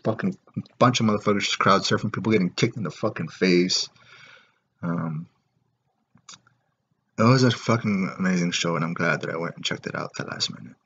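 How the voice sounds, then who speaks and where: A man's voice: deep voice, fairly quick, long pauses, a bit bright, slight background noise. A man ranting casually to camera in a profane, rambling way, full of filler words. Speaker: vlogger. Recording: dull lo-fi recording.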